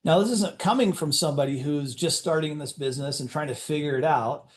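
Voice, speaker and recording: Speaking fast in a fairly high-pitched voice, an executive fires up a room of sales leaders with a motivational talk. He acts out dialogue in his stories and often restarts what he's saying.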